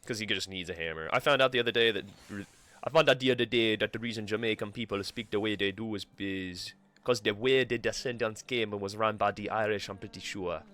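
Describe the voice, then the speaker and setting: A man streams a game with casual, self-directed commentary and plenty of swearing. His voice sits low but sounds bright and forceful. Soft game music runs underneath. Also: brisk. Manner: swears freely, talks to himself. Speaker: live streamer.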